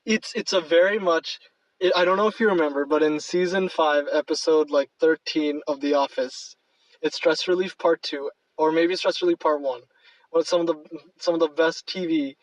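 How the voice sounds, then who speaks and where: A man's voice: fairly high pitch, fairly even intonation, normal speed, dry recording, recorded from a distance, poor audio. A man co-hosting a podcast, chatting casually about movies in a rambling way with many fillers. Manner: rambling, lots of fillers and laughs. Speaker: podcast co-host. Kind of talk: casual movie review chat.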